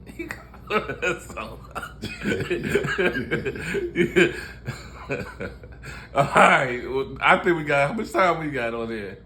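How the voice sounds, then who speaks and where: A man's voice: on the high side, expressive, extremely slow, pauses often, pushed and bright, a little hiss or hum. A man in his sixties from Baltimore, a musician telling stories in a candid, joking way and laughing often in casual chat. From Baltimore, USA. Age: 60s. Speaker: musician and show host.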